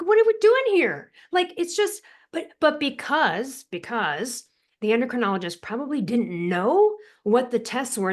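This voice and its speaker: A woman from the United States, a guest author on a podcast interview, telling stories emphatically and acting out quotes. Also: fairly high pitch. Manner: emphatic, animated storyteller who acts out quotes. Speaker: guest author and thyroid coach.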